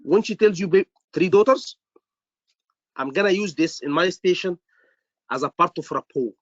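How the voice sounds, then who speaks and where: A man tutoring students for an exam, acting out doctor and patient lines in an animated way and repeating his questions. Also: high voice, brisk, no room sound. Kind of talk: online teaching discussion. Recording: dull lo-fi recording.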